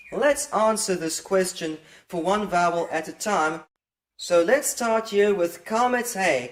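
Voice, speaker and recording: A man with a high-pitched voice gives a methodical lesson, posing questions and answering them himself with emphasis. His delivery is slow and deliberate, and the recording carries a noticeable roomy echo. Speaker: Bible language teacher. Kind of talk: explanatory lesson.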